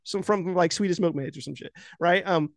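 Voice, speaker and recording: A man with a fairly high voice retells a movie scene in a loose, rambling way, packing every sentence with filler words and swearing freely. He gets animated as he goes. The recording is dry and close, with no room sound. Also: fairly quick, dry recording. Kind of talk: casual chat.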